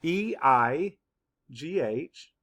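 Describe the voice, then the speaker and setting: Slow, bright-voiced teacher spelling out words. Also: male voice, a little high, lively intonation. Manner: slow, clear, spelling letters one by one. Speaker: third-grade teacher. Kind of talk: spelling lesson for children.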